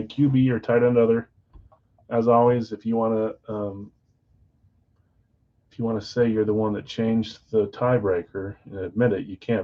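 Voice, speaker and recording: Chatty man hosting a live card stream. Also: fairly low pitch. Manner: chatty, counts down excitedly, reads viewer chat. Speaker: live card break host. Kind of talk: casual live-stream chat. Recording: slightly dull lo-fi stream audio.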